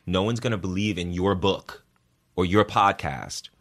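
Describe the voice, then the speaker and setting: Deep-voiced man, earnest and emphatic. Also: measured pace, a bit bright. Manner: earnest, emphatic, repeats words for stress. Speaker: guest, actor and singer. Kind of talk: interview conversation.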